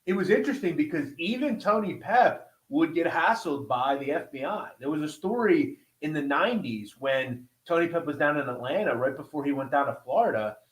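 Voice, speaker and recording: A man's voice: fairly high pitch, expressive, fairly quick, hardly any pauses. A man hosting a podcast, telling history in a casual, conversational way, swearing now and then and checking in with listeners as he goes. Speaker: podcast host. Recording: roomy echo.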